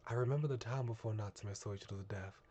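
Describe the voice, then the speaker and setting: A man streaming a visual novel, reading its narration aloud in a measured, earnest way. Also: on the low side, mellow, slight background noise. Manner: measured, earnest, with small restarts.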